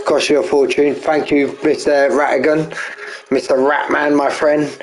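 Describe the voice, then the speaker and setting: A man's voice: mid-range voice, little pitch movement, a little slow, soft background music, low-quality recording. A man with a Cockney accent hosting a sim-racing league live stream, chatting casually and greeting viewers by name.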